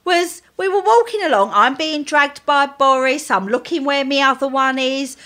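A woman co-hosting a casual chat, trading quick, teasing banter. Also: high voice, bright, forceful tone. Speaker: co-host.

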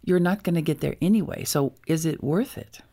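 A woman's voice: low-pitched, fairly quick, mellow. A woman author on a talk show, giving emphatic parenting advice. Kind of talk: interview conversation.

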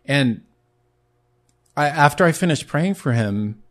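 A man hosting his own podcast, telling a personal faith testimony in an earnest, halting way, often restarting his sentences. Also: fairly high pitch, lively intonation, fairly bright tone. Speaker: podcast host.

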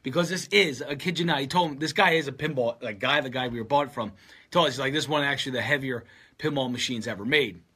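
Husky, bright-voiced man telling a story. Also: mid-range voice, quick pace. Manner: animated, acts out friends' lines. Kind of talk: casual storytelling.

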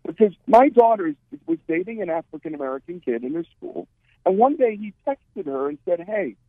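A man's voice: high voice, very animated, a little fast, no echo. A man joining a radio show as a guest, speaking emphatically and telling stories with strong opinions. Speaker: radio guest, network executive. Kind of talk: phone-in interview. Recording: tinny phone line.

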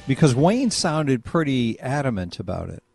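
A man's voice: mid-range voice, very animated, moderate pace, creaky, darkish tone, husky, faint music behind. A man hosting a call-in radio talk show, rambling and conversational. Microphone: studio microphone.

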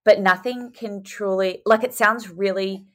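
A young woman, a podcast guest telling her story in a chatty, animated way over a video call. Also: mid-range voice, unhurried. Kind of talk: casual chat.

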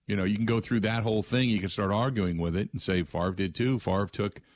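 Male sports radio host, animated rhetorical monologue, close dry studio mic. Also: on the low side, brisk, dry recording. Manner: animated and rhetorical, mocking the answers he expects.

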